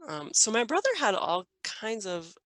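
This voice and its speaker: A woman in her thirties from Minnesota, a guest in a casual interview who tells stories warmly and laughs often. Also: mid-range voice, very animated, moderate pace, no room sound. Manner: warm storytelling, laughs often. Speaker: guest parent.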